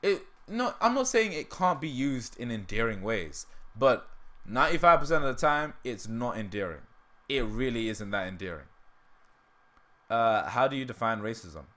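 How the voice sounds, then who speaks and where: A man's voice: mid-range voice, very animated, normal speed, pushed and bright. A man hosting a casual livestream, laughing often and joking about himself, with a dry throat. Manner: laughs often, self-deprecating. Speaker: livestream host.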